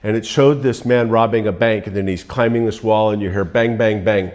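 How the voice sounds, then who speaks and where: A man giving a relaxed, rambling motivational talk, telling stories to make his points. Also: lowish voice, brisk. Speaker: motivational speaker.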